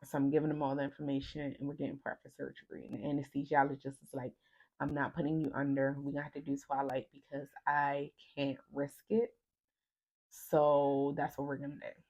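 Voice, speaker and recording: A woman's voice: rumbling low, little pitch movement, a little fast, a little mellow. A young woman vlogger emotionally retelling a personal story, acting out the lines of the people in it. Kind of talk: casual storytime vlog.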